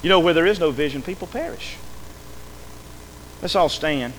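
A male pastor preaches in a folksy, animated way, his fairly high voice ringing through a church with a long reverb. Faint noise sits under the recording. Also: normal speed. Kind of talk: sermon. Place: church sanctuary.

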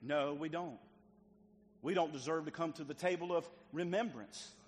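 A man pastor preaching a sermon in a church, acting out the voices of biblical figures and swinging between loud calls and quiet, tender passages. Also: on the high side, normal speed, long reverb tail. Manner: dramatic preaching, acts out biblical dialogue, swings loud to soft. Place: church sanctuary.

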